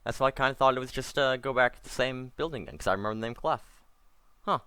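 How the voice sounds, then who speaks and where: A man's voice: mid-range voice, fast, bright, forceful tone, clear, resonant tone, no echo. A man doing casual let's-play commentary, rambling and correcting himself, with wry asides. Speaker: gameplay commentator.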